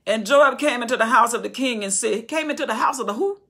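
A woman Bible teacher delivers an impassioned sermon, teaching scripture with fervent, conversational energy and repeating words as she circles back to build her point. Her voice is a little high, bright, forceful and husky, and she talks fast.

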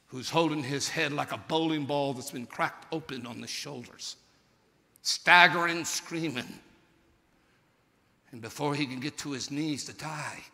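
A man preaching a sermon, retelling a story theatrically, swinging between shouted peaks and hushed lows. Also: vocal fry. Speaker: pastor. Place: large church sanctuary. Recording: long hall reverb from a church service.

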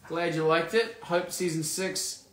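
A man's voice: fairly high pitch, a little slow, fairly bright tone. Playful man in a roomy echo. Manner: playful, jokey, reads fan messages aloud. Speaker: actor signing autographs for fans. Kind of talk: casual live signing chat.

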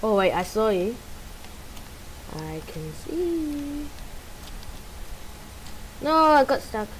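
Excitable gamer woman with lively pitch. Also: extremely slow, a little hiss or hum, rough recording. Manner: excitable, bursts of loud exclamations between muttered asides. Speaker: gamer playing with a friend. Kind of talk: casual gameplay commentary.

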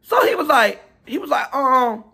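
A man telling a storytime vlog in a chatty, animated, profane gossip manner, talking straight to his viewers. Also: very high-pitched, moderate pace, creaky, slightly rough. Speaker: storytime vlogger.

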